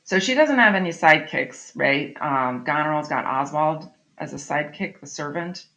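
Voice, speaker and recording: A woman's voice: deep voice, lively intonation, moderate pace, sharp tone. A middle-aged woman teacher giving a recorded online literature lesson, explaining in a chatty way and often checking in with "right?". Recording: slightly dull lo-fi audio.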